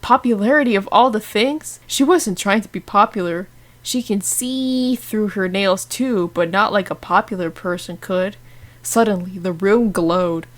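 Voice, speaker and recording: A woman reads an awkwardly written fan story aloud, deadpan and amused. She breaks in with quick asides. Her pitch sits in the middle for a woman. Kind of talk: comedic read-aloud.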